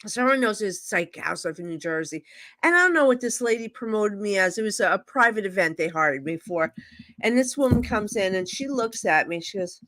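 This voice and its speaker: A woman psychic medium, talking a little fast in a mid-range voice, recounts stories on a live stream video call in a casual, blunt, animated way. She acts out both sides of each conversation, and the recording is dry.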